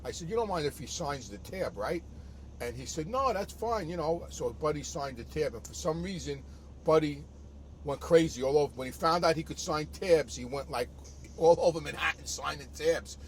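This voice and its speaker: An older man telling a casual anecdote, acting out quotes in an animated way. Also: a little high, moderate pace, slight background noise. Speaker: storyteller guest. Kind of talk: casual storytelling.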